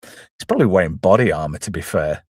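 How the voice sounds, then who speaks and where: A man's voice: sits low, lively intonation, fast talker, darkish tone, husky, no echo, studio quality. A man chattily retelling a comedy film scene by scene, with self-deprecating asides. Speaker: film reviewer, channel host. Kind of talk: casual film recap.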